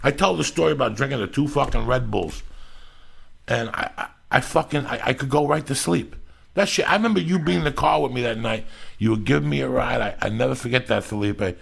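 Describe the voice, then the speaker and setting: A man's voice: medium pitch, brisk. A middle-aged man hosting a podcast, telling rambling, profane stories in a casual chat. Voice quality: gravelly, husky. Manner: loud, rambling storyteller, heavy swearing. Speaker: podcast host.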